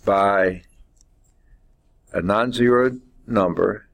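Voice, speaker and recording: A math professor with a lowish voice speaks very slowly during a classroom lecture. He thinks out loud in a rambling way, leaning on frequent okays.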